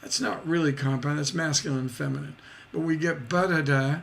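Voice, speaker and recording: A man's voice: a little high, fairly quick, gravelly, fairly bright tone. A man teaching songwriting in a livestreamed lesson, scatting syllables to show rhythm and checking in with "right?".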